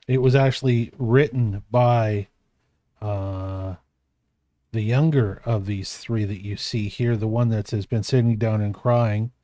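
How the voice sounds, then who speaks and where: A man's voice: on the low side, steady tone, slow, warm tone, no echo. A man running a tabletop game as game master, narrating in a meandering, self-correcting way.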